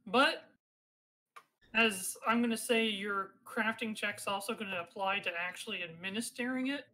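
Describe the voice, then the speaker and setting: Bright-voiced woman running a tabletop game. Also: medium pitch, normal speed, rough recording. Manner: casual, hesitant, many fillers. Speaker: game master.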